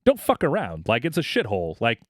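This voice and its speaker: A man's voice: mid-range voice, wildly swooping pitch, brisk, no room sound, clean studio sound. A man co-hosting a podcast, telling long stories in a casual, profane, filler-heavy way. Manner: rambling, profane, many fillers like "like" and "you know". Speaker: podcast co-host. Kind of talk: casual storytelling chat.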